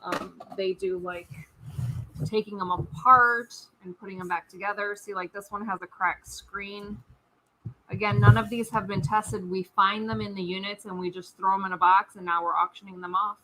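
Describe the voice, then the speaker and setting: A woman's voice: medium pitch, fairly even intonation, moderate pace, pushed and bright, low-quality recording. A woman co-hosting a live online auction stream, chatting casually as she describes the lot. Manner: chatty, describes items plainly.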